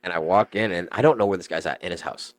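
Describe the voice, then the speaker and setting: A young man, a podcast guest, telling stories in animated, slangy casual chat and swearing freely. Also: sits low, fast talker, no echo.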